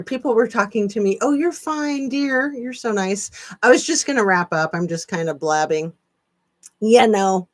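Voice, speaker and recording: Slow, chatty woman streamer. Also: fairly low pitch, no room sound. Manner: slow, chatty, sarcastic asides. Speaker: channel host. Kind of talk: casual live-stream chat.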